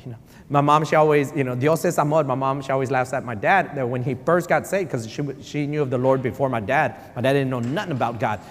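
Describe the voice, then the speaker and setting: A man in his forties, a pastor, preaching a sermon with animated storytelling and repetition for emphasis, slipping into Spanish. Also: mid-range voice, quick pace. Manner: animated storytelling, repeats for emphasis, code-switches. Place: church sanctuary. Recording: reverberant church hall.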